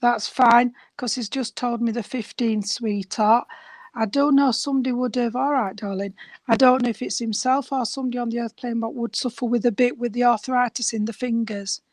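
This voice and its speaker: A woman medium, her voice somewhat high and growing hoarse as she talks. She speaks warmly and familiarly, calling her listener sweetheart and darling. The sound is dry and close, with no room around it. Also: steady tone, normal speed, dry recording. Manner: affectionate, addresses sitter as sweetheart and darling. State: voice going hoarse. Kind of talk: mediumship reading.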